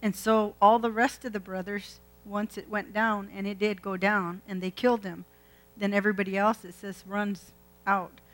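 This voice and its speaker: Speaking at a moderate pace with a flat, slightly bright mid-range voice, a woman delivers a sermon over poor audio. She recounts a scripture story casually and addresses questions to those listening in the pews.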